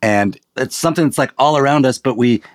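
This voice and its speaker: A man's voice: mid-range voice, brisk. A man from Washington, D.C., hosting a podcast interview in a chatty, conversational way. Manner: chatty, uses "like" fillers. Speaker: podcast host.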